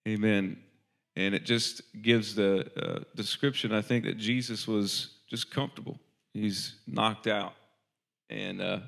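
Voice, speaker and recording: A man leading worship and preaching a sermon, moving from quiet storytelling to fervent exhortation with frequent amens and rhetorical questions. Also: lowish voice. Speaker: worship leader. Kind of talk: sermon between worship songs.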